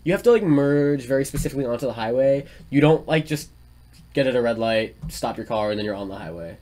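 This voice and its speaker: A man's voice: mid-range voice, expressive, quick pace, darkish tone. A young man from Florida co-hosting a podcast, chatting casually and rambling with many fillers and restarts. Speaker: podcast co-host. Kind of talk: casual chat. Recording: noisy room recording.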